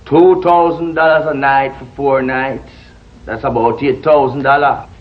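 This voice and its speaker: A man's voice: mid-range voice, steady tone, unhurried, dull audio. A man with a Jamaican accent, acting in a sitcom as a scheming talker who coaxes and bargains. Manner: scheming, persuasive, hushed asides. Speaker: sitcom actor.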